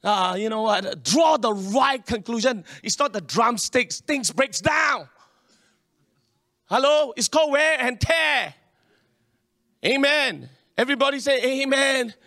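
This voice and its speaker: A middle-aged man, preaching a sermon in an animated way, often calling out for an amen. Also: very high voice, a little slow, dry recording, clean studio sound. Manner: animated preaching with calls for amen, mixes in local slang. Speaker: pastor.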